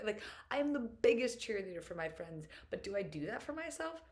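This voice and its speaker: A woman's voice: mid-range voice, animated, fast talker, few pauses, darkish tone, a little hiss or hum. A young woman talking to camera in a casual reflective monologue, chatty and upbeat, full of filler words and open about her feelings. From United States. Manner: earnest and openly emotional at times. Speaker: vlogger.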